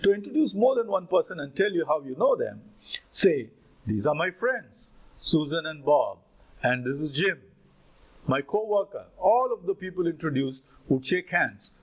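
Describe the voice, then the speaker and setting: A man teaches phrases, his pitch swinging widely as he reads out sample dialogues. His voice is a little husky and sits fairly high. The recording sounds dull and lo-fi. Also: very animated, normal speed. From India. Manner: explains phrases, then reads out example dialogues. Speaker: English teacher. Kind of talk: spoken language lesson.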